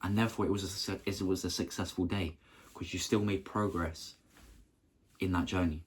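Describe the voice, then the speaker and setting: A young man giving a casual, earnest motivational talk to camera in short, halting phrases. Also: deep voice, fairly even intonation, husky. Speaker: motivational vlogger.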